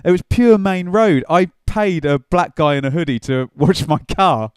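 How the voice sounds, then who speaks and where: A man co-hosting a casual football podcast, telling stories in a chatty, animated way. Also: fairly high pitch, moderate pace, clear, resonant tone, no echo, clean studio sound. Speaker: podcast co-host.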